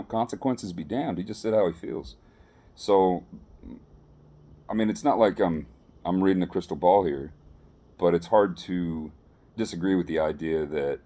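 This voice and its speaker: A man's voice: low-pitched, mellow. A man talking casually to his viewers, rambling and restarting often in an earnest, unpolished way. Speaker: vlogger sharing political opinions. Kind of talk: casual spoken commentary to camera.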